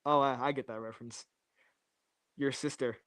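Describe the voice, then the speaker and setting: A man's voice: medium pitch, steady tone, moderate pace, a bit bright, no room sound, clean studio sound. A young man rambling and joking to his chat during a casual livestream, repeating catchphrases on a new mic. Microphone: new streaming mic.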